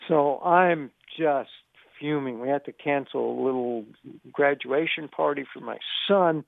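A man's voice: a little high, unhurried, creaky, no room sound. An older man, a sports journalist calling into a radio show, telling a long story and acting out the people he quotes. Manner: animated anecdotal storyteller, acts out quoted dialogue. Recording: phone line.

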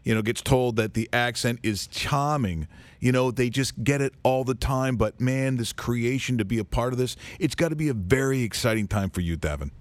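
A man's voice: medium pitch, normal speed, no room sound. A male radio host who interviews a guest in an eager, rambling way, with many restarts. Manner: enthusiastic, rambling, lots of restarts.

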